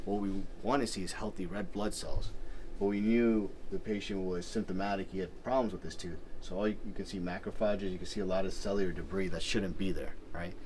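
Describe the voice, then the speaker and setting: A man working as a dentist, explaining a case in a lively, teacherly way and often checking in with "right?". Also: deep voice, fairly quick, slight background noise, low-quality recording. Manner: animated teaching, keeps asking "right?". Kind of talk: casual clinical explanation.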